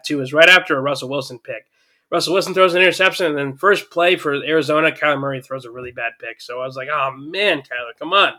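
A man giving a casual, chatty recap of a football game, getting excited at big plays and using lots of fillers. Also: a little high. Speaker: sports commentator.

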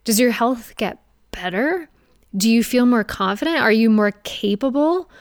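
Upbeat woman coaching, bright and dry. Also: fairly high pitch, measured pace, smooth, no echo. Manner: energetic, conversational, playful with mocking asides. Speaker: fitness coach. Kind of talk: direct-to-camera coaching talk.

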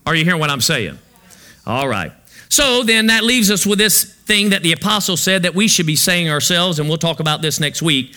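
A man preaching to his congregation uses fill-in-the-blank questions, keeping an animated, moderate pace. The pastor's voice is high and strikingly bright, with a sharp, forward quality throughout.

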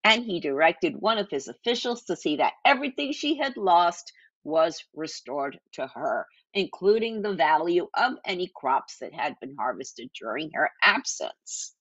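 A woman's voice: fairly low pitch, sing-song, unhurried, a bit bright, husky, dry recording, lo-fi sound. A woman reading and teaching a Bible passage in an earnest devotional style. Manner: earnest, reads scripture aloud with small slips.

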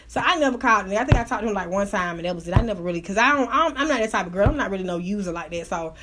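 A woman hosting a podcast, telling a story in a profane, animated, slang-heavy way with frequent laughter. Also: mid-range voice, very fast, slight background noise. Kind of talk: casual storytelling monologue.

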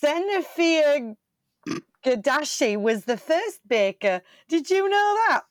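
Woman doing a cocky know-it-all baker lady, swears a lot, highish voice, dry sound. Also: big pitch swings, takes it slowly, dry recording, heavily acted. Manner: swearing, confidently making up facts. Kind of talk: improv comedy scene.

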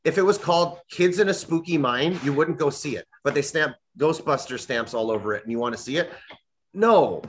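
A man's voice: on the high side, animated, a little fast, a little hiss or hum. A young man ranting animatedly in a casual chat, often mimicking voices when he quotes people.

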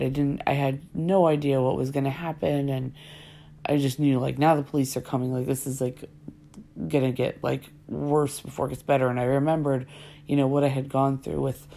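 Low gravelly woman telling a story. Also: mellow. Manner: chatty, rambling, full of "like" and "um" fillers. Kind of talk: casual personal storytelling.

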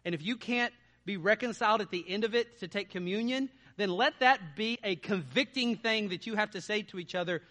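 A male pastor preaching a sermon, asking his congregation lively rhetorical questions. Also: high voice, fairly quick.

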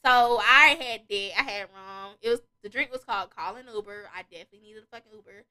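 A woman's voice: mid-range voice, quick pace, clean tone. A young woman hosting a podcast, telling a wild story in casual, profane chat and acting out the other people's lines. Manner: animated, profane, acts out voices and beats, laughs often. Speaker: podcast host.

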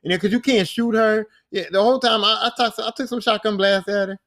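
A man hosting a podcast, recapping a video game in a casual, animated way, full of swearing and sound effects like bang and pop. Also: sits high, fast talker. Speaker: podcast host.

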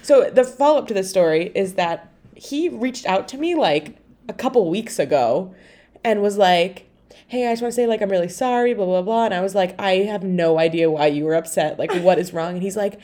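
A young woman tells a story to her co-host at a brisk clip. She talks casually, peppering every phrase with "like", her voice sitting in an ordinary middle register. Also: mid-range voice, warm tone. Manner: chatty storyteller, lots of "like". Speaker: podcast co-host. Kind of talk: casual chat.

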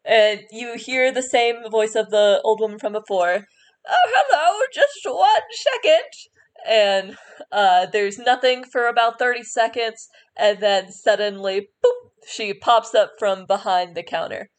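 A woman narrating as game master of a tabletop game, relaxed and descriptive. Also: mid-range voice, a little slow.

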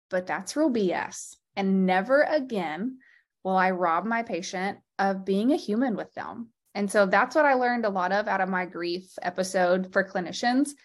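Earnest woman clinician in a candid interview. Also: medium pitch. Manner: earnest and heartfelt, quick bursts of speech. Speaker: interview guest, podcast founder and lymphedema clinician.

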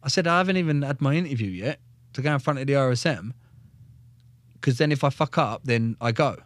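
This is a former soldier, a young man, giving a lively, blunt retelling of his experiences on an informal podcast, with swearing all the way through. His medium-pitched voice runs a little fast, free of echo.

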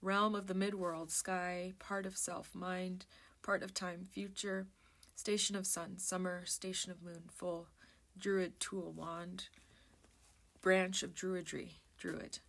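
A woman's voice: fairly low pitch, level tone, slow, fairly bright tone. A woman vlogger in casual chat, rambling and interrupting herself as she browses a book and reads lists aloud in a musing murmur. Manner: rambling, self-interrupting, chatty.

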